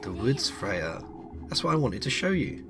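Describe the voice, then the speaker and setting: A man voicing a sweet, secretive young woman in a game, gentle and coaxing. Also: lowish voice, very animated, moderate pace, over music.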